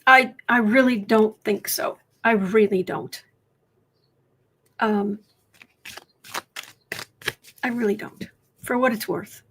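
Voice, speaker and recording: A woman hosting a tarot and politics livestream, talking casually with viewers, halting and restarting often as she thinks aloud. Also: a little high, fairly bright tone, breathy edge. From United States.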